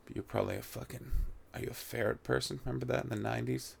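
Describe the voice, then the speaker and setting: A young man hosting a podcast, rambling and swearing as he rants, his voice rough and gravelly. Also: medium pitch, fairly even intonation, racing. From North America. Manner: profane, rambling, heats up into shouting rants. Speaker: podcast host. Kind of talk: casual comedic rant.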